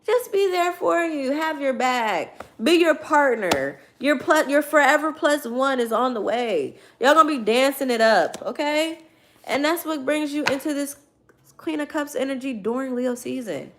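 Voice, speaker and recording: Emphatic tarot-reading woman, slightly high voice. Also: animated, moderate pace, fairly bright tone, slight background noise. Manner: emphatic, repetitive, preachy pep talk with cursing. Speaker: tarot reader. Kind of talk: casual tarot reading to camera.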